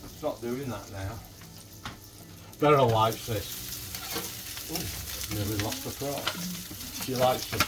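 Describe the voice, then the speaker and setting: Older man, Manchester accent, casual cooking chatter, mid-pitched voice, faint sizzle behind. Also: takes it slowly, long pauses, noisy background. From England. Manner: chatty, swears casually, chuckles often. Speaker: cooking vlogger. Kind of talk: casual chat while cooking.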